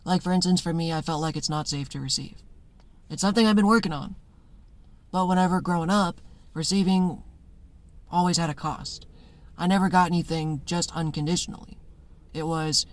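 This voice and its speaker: A man with a fairly high voice talks loosely to camera from his notes. He rambles in a conversational way. He acts out short voices inside his stories and laughs often. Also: fairly even intonation, normal speed, long pauses, dry recording. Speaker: spiritual content creator. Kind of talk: casual monologue.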